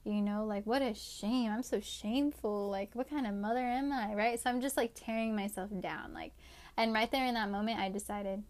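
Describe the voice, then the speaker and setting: A young woman, telling a personal story as a podcast host in a casual, faith-based way, with a steady stream of "like" and "right?". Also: medium pitch, moderate pace. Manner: chatty, many fillers like "like" and "right?".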